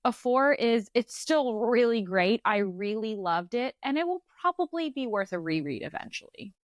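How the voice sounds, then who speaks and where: A woman co-hosting a book podcast in casual chat, bubbly and quick to laugh. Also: fairly high pitch, animated, no room sound, clean studio sound. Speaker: podcast co-host.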